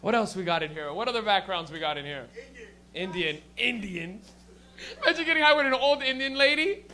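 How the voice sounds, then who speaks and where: A man's voice: sits high, animated, a little fast, bright, forceful tone. A young man doing stand-up, loose and profane, working and teasing the crowd. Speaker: stand-up comedian.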